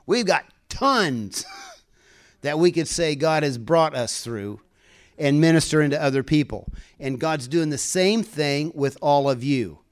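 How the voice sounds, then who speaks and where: A man's voice: a little high, wildly swooping pitch, a little slow. A man preaching a conversational sermon, telling personal stories earnestly and building to fervent exhortation. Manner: earnest, folksy storytelling, rising to fervent exhortation.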